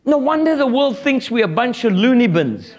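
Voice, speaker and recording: A man preaching a sermon in an animated, blunt and joking way, quoting scripture and retelling a fable. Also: extremely high pitch, moderate pace.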